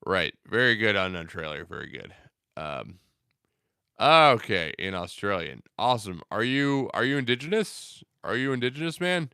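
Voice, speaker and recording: A man's voice: lowish voice, very animated, normal speed, gravelly, bright, forceful tone, clear, resonant tone, no echo, studio quality. Laid-back young man rambling on a livestream. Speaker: livestream host. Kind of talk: casual live-stream chat reading viewer comments.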